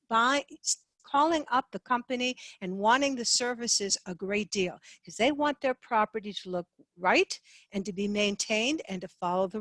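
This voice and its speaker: A woman sales trainer giving an instructional talk in a measured, clear way. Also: mid-range voice, a bit bright, no room sound. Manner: measured, clear, demonstrating tones.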